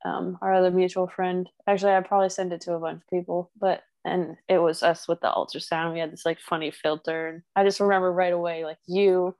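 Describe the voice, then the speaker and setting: A woman in casual chat with a friend, emotional and chatty, with quick bursts of speech. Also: lowish voice, little pitch movement, darkish tone. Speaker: friend and mother.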